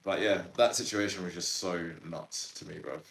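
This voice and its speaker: A man in his thirties, a podcast guest, telling a story in an animated, slangy way with lots of fillers. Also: sits low, normal speed, roomy sound, rough recording. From Sudan, raised in Ireland. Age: 30s. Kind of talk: casual storytelling interview.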